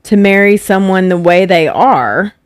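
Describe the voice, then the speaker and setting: A woman's voice: medium pitch, a little slow, dry recording, studio quality. A young woman, a podcast guest telling stories in casual chat and acting out what people said. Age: young adult. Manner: animated, acts out quoted voices. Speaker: podcast guest, host's wife.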